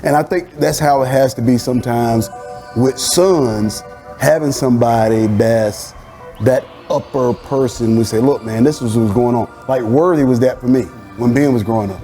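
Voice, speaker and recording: A man hosting a church talk show as a pastor, telling family stories in a lively, animated way. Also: medium pitch, normal speed, faint music behind. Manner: animated storyteller, acting out family dialogue with laughter. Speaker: pastor and host. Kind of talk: casual conversation.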